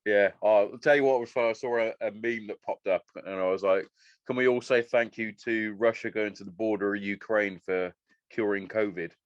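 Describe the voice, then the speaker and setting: A man's voice: on the low side, brisk, no echo, dull audio. A man hosting a podcast, swearing freely as he tells stories in casual chat. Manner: sweary, animated storytelling. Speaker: podcast host.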